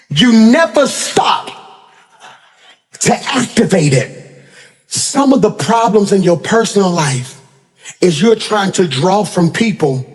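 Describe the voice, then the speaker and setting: A male pastor preaching in a church sanctuary, his voice sitting high and bright. He moves between playful storytelling and shouted, fervent exhortation. A long reverb trails every line. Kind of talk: sermon.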